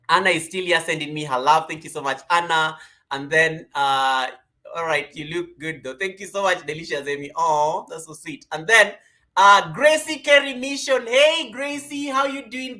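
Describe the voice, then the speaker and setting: A man hosting a casual live stream from home, greeting viewers by name with lively energy. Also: a little high, normal speed. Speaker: livestream host.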